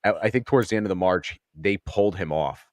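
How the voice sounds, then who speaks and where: A man's voice: low voice, fast, no room sound. A man co-hosting a podcast, telling a profane story in casual chat and acting out what others said. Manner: storytelling, swearing, acts out quotes. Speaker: podcast co-host.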